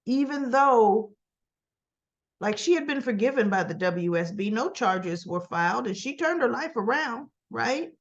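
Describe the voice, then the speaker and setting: A woman's voice: fairly high pitch, lively intonation, moderate pace, muffled recording. A woman giving a casual, sassy soap opera recap, full of rhetorical questions and tag questions. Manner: sassy, talks straight to the characters.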